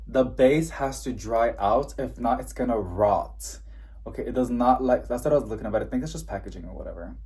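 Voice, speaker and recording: A man's voice: mid-range voice, darkish tone, slightly rough. A young man chatting in a casual unboxing vlog, bubbly and gushing. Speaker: plant vlogger.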